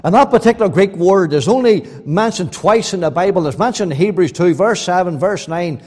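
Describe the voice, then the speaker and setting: High-voiced preacher in a reverberant hall. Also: male voice, expressive, brisk. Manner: emphatic, swings between loud rising appeals and quiet earnest asides. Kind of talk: sermon.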